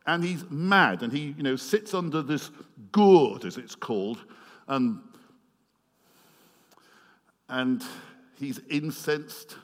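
A man preaching a sermon, retelling a story with animated swings between loud passages and quiet, earnest asides. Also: on the high side, takes it slowly, long pauses. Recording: long hall reverb.

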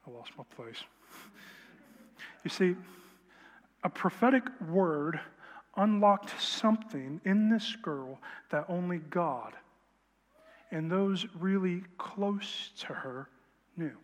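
Guy preaching a story, kinda high voice, big echoey hall. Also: slow pace, long pauses. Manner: animated storyteller, drops to quiet intensity. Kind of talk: sermon testimony storytelling. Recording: long hall reverb.

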